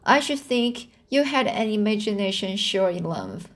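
A woman voicing a stern, dry older woman guardian, speaking in a brisk, dry, scolding way. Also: medium pitch, lively intonation, lightly acted.

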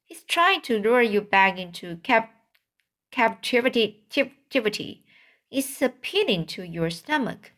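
A woman reading a storybook, voicing an excitable, bossy goose who barks urgent orders and repeats them. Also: on the high side, a little slow. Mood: warning.

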